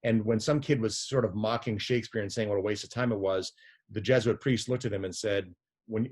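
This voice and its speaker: A man's voice: on the low side, brisk, a little mellow. A middle-aged man telling a story in a casual interview, rambling and often restarting his sentences. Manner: rambling, frequent restarts and repeated words. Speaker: guest, physician and editor.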